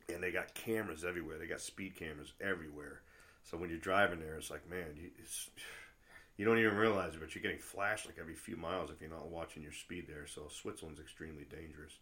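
A middle-aged man chatting casually as a travel vlogger, rambling through stories with lots of fillers and restarts and getting worked up when he rants. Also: sits low. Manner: gets loud and worked up when ranting. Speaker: travel vlogger and tour guide. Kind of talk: casual chat.

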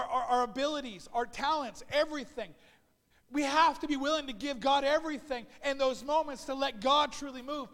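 A male pastor preaching a fervent sermon, repeating his calls and building up to shouts. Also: very high voice, long reverb tail. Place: church sanctuary.

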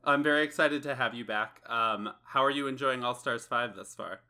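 Bright, animated man hosting a chat. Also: medium pitch, moderate pace. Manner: animated, mimicking others, camp. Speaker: podcast host. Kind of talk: casual chat.

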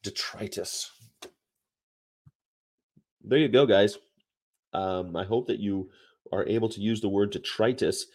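A man's voice: on the low side, unhurried, pauses often, darkish tone. A man hosting a livestream, chatting casually and rambling between topics and read-aloud definitions. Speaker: livestream host.

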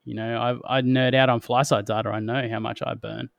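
A young Australian man, a professional wingsuit pilot, telling stories in a relaxed, slangy way and laughing often. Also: medium pitch, a little fast, vocal fry, no echo. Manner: laid-back storytelling, slangy, laughs often. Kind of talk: casual chat.

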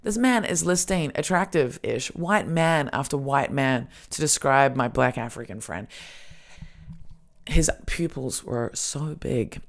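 A woman's voice: a bass voice, measured pace, gravelly. A woman hosting a podcast, telling casual stories in a rambling way with lots of fillers and swearing. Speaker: podcast host. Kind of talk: casual chat, storytelling.

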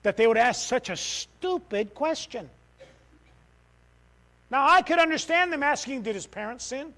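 A middle-aged man with a high, light voice preaches to a church congregation. He is animated and storytelling, jumping from near-shouted outbursts to hushed, soft-spoken moments. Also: a little slow, poor audio. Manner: animated, swings from loud outbursts to quiet. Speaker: missionary preacher. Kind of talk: sermon.

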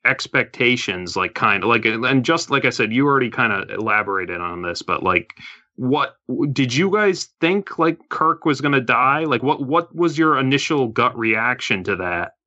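Male podcast host, bright forceful tone, muffled lo-fi recording, halting questions. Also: mid-range voice, animated. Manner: halting questions with many filler words. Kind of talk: casual podcast chat.

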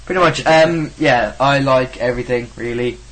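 Laid-back Meath teenager, relaxed chat. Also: male voice, medium pitch, moderate pace, poor audio. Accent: Irish, from County Meath. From Ireland. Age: teens. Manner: laid-back, filler-heavy. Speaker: co-host. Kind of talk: casual amateur podcast chat. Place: home bedroom studio.

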